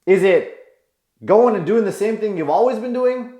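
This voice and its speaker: A man's voice: high-pitched, lively intonation, moderate pace, mellow. A man giving advice as a coach, telling a client's story and pressing listeners with emphatic rhetorical questions. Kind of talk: advice monologue. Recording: roomy echo.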